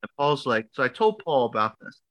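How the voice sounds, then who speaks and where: An American man in his thirties, a podcast co-host, telling a story casually with lots of fillers and lively quoted voices. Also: mid-range voice, fairly quick, no echo. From United States. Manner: animated, filler-heavy storytelling.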